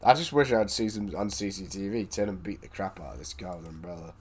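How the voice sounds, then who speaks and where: A man's voice: low voice, fast, husky. A man hosting a casual live stream, teasing his friend and laughing often, swearing freely. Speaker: streamer host. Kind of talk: casual late-night stream chat.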